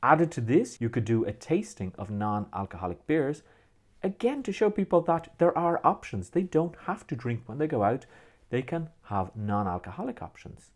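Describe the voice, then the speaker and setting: A man with an Irish accent presenting a marketing tutorial video with lively, swooping emphasis. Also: mid-range voice.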